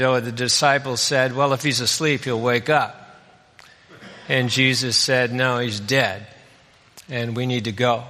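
A man preaching a sermon, retelling a Bible story in a relaxed, folksy, conversational way. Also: medium pitch. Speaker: pastor. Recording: long reverb of a hall.

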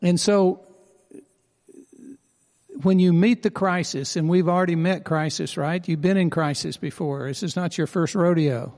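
A man's voice: fairly high pitch, fairly even intonation, a little slow, darkish tone, big-room sound. A man preaching a sermon as pastor, earnest and emphatic, repeating key phrases for weight.

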